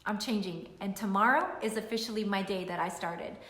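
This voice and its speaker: Animated woman telling her story, echoey room. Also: mid-range voice, a little fast. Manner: animated storytelling, many repeated phrases. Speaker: nutritionist and weight-loss coach. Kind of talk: emotional personal story to camera.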